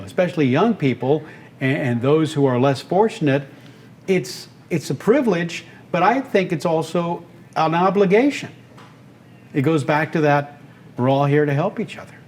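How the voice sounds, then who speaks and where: Animated older man telling stories. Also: a little high. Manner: animated, enthusiastic storyteller. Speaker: guest, radio and voice performer. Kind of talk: storytelling interview talk.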